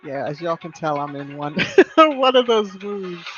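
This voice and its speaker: A woman's voice: lowish voice, expressive, a little slow. A woman hosting a casual live stream, chatting with viewers and greeting them by name in a sing-song way. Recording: slightly muffled, soft background music.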